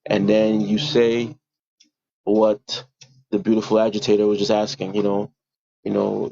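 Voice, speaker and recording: Gravelly low-voiced man on a livestream. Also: level tone, moderate pace, long pauses, dark tone, no echo. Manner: rambling, repeats words, addresses viewers directly. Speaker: livestream host. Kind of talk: casual livestream chat. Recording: dull lo-fi stream audio.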